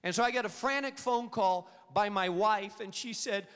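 A man preaching a sermon to an auditorium, telling a story and acting out the quoted lines with lively energy. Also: high voice, moderate pace. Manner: storytelling, animated, acts out quotes. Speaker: pastor. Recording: long reverb of a hall.

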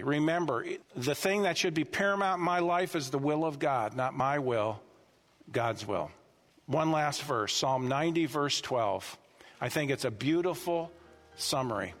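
A man's voice: high voice, fairly bright tone. Preaching man in an echoing hall. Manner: emphatic preaching, repeating key phrases. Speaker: pastor. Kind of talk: sermon. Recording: long hall reverb.

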